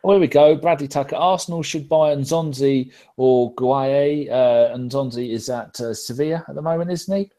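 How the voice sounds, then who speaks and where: A man's voice: medium pitch, moderate pace, few pauses, mellow. A man hosting a casual live podcast, bantering with lots of swearing and reading out viewer comments. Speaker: podcast host.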